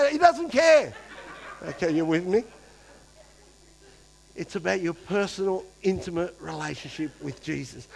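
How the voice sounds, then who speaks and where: A pastor preaching a lively sermon to his church, acting out quoted voices and swinging between loud and hushed. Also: sits high, rough recording.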